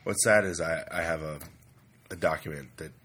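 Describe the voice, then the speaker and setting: A man hosting a podcast in casual chat, his voice hoarse from a weekend of screaming, joking and self-mocking. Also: a bass voice, moderate pace, a bit bright. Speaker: podcast host.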